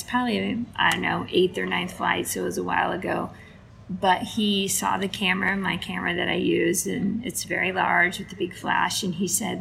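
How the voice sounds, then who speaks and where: A woman's voice: on the low side, vocal fry, fairly bright tone, a little hiss or hum. A woman, a photographer guest on a podcast, telling a story in a casual way and acting out both sides of a conversation.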